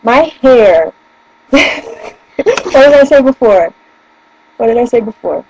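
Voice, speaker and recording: A woman's voice: on the high side, expressive, takes it slowly, a little mellow, dull audio, slight background noise. Chatty young woman, rambling and giggly. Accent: northern US. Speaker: vlogger. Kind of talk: casual chat. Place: room at home by a bookshelf.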